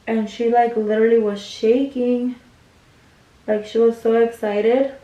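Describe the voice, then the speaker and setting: A young woman with a slightly high voice tells a long story to her camera while she does her makeup. She is loose and chatty, swears freely and leans on "like" constantly. The room sounds echoey, and she sits back from the mic. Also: little pitch movement, unhurried, mellow. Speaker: beauty vlogger. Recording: roomy sound, mic at a distance.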